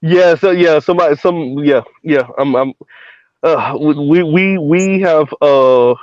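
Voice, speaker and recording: A man's voice: a little high, measured pace, no echo. A man hosting an online panel chat, talking casually and restarting his sentences often. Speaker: show host. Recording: dull dry lo-fi audio.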